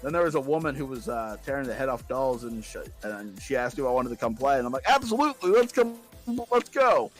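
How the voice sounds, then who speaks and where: A man on a podcast rattles off playful stories at a fast clip with hardly any pauses, using squeaky voices for the quoted bits. The chat is casual, and there's faint music underneath.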